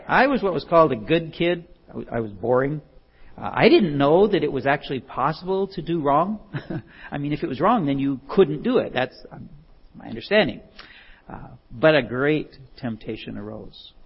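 A man with a gravelly, slightly husky voice tells homespun stories in a lively, swinging pitch. He wanders into rambling asides and laughs at himself along the way. The recording sounds dull and lo-fi. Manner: chuckling, self-deprecating, rambling asides. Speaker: speaker giving a talk on love. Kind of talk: folksy storytelling talk.

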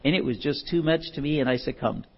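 A fast-talking man with a slightly high, breathy-edged voice gives a talk on love. He tells folksy stories, chuckles, and drifts into rambling jokes at his own expense, all in a dull lo-fi recording.

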